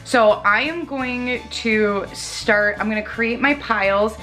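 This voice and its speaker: A woman's voice: fairly high pitch, pushed and bright, faint music behind. A woman hosting a home cleaning vlog, talking casually and often restarting her sentences. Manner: chatty, restarts sentences, talks fast when explaining. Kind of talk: casual vlog chat and voiceover.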